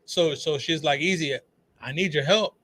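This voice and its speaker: A man, a phone repair shop owner guesting on a talk show, telling animated stories full of swearing and acted-out quotes. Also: a little high, normal speed. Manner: animated storyteller, swears freely, acts out quotes. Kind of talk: casual talk show chat.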